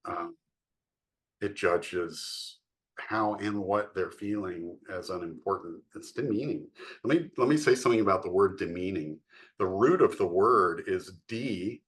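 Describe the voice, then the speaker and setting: A middle-aged man co-hosting a podcast, explaining in a measured way with frequent fillers. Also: lowish voice. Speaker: podcast co-host. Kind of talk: podcast discussion.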